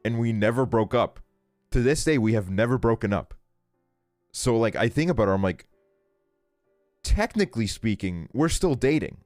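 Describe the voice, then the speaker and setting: A man's voice: medium pitch, lively intonation, moderate pace, long pauses, a little mellow, no room sound, studio quality, faint music behind. A young man streaming a game, telling a casual story in a rambling way, full of fillers and swearing. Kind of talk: casual storytelling while gaming.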